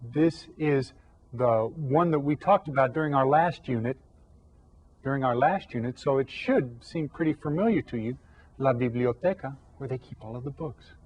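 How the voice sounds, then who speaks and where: A man teaching a recorded Spanish lesson to children, patiently explaining and slowly drawing out each new word. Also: medium pitch, breathy edge, dull audio. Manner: slow, drawn-out modeling of Spanish words. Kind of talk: televised classroom lesson for children.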